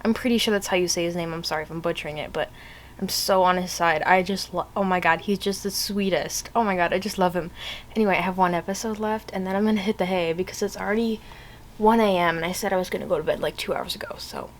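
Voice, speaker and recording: A woman's voice: lowish voice, fast, slight background noise. A young woman chatting casually in a reading vlog, rambling and gushing with lots of fillers. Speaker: vlogger.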